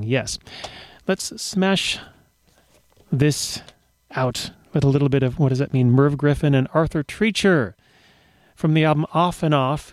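A man's voice: a little high, a little mellow, no room sound. Male radio DJ, casual and self-mocking, dry booth sound. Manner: rambling, jokey and self-mocking. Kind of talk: casual radio show patter.

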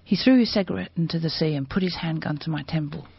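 Husky woman reading a story aloud. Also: deep voice, no echo. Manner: measured, expressive, rising to shouting at climaxes. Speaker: reader of a translated memoir. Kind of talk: dramatic book reading. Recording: dull, dry, muffled sound.

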